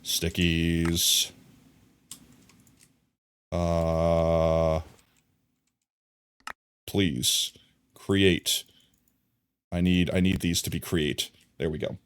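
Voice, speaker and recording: A man's voice: low voice, little pitch movement, very slow, long pauses, smooth. A young man streaming live, chatting casually and jokily, muttering to himself as he plays and teasing his chat. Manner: rambling, jokey, mutters to himself while crafting; teases and scolds chat playfully. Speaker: livestreamer.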